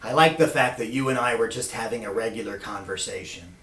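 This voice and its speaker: Guy doing a quiet gentle old man, low and calm, roomy echo. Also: brisk, distant mic. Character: gentle elderly male statesman, calm and kindly.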